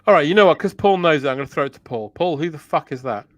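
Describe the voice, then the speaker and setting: A man's voice: fairly high pitch, expressive, racing, no room sound. A man hosting a casual comedy chat, playfully running a quiz and reading out viewer guesses. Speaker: host running a lookalike quiz.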